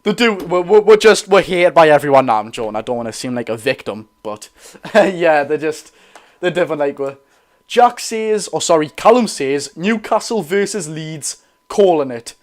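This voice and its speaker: Excitable young Geordie lad, slightly high voice. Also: male voice. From North East England. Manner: excitable, rambling, quick to apologise. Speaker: football fan streamer. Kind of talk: live watch-along chat. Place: room at his dad's house.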